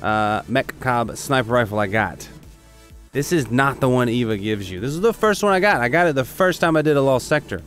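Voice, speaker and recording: A man's voice: medium pitch, fairly quick, faint music behind. Rambling male gamer narrating his play. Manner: rambling, excitable, talks to chat. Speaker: video game streamer. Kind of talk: casual gameplay commentary.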